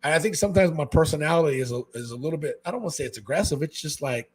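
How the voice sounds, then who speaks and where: A man from Hawaii, a guest on a casual podcast chat, talking excitably and saying "man" constantly. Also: quick pace, few pauses, breathy edge. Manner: excitable, says "man" constantly, jumps into high animated quoted voices. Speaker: guest, fish-keeping content creator.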